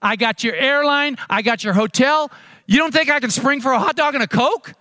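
A man voicing an excited male buddy who has big-game tickets, speaking in an animated, incredulous way. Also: on the high side, normal speed, dry recording, big-room sound, voice pushed down, lightly acted.

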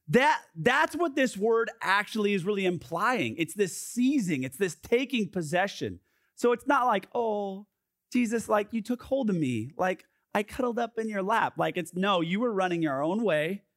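Casual, energetic youth pastor, dry sound. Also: male voice, high voice, dry recording. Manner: casual, energetic preaching with many fillers; drops to a soft, quiet tone for scripture. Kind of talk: sermon. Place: youth gathering.

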